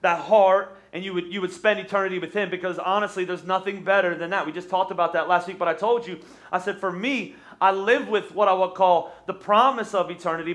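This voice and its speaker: A man, an energetic pastor preaching a sermon from a church stage and urging the congregation to respond. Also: sits high.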